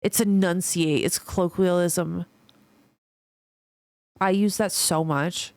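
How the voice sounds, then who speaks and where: A woman's voice: fairly low pitch, steady tone, takes it slowly, darkish tone, no echo. A woman with a Midwestern American accent chatting casually with her stream viewers, reading their messages aloud and swearing freely. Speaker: livestreamer.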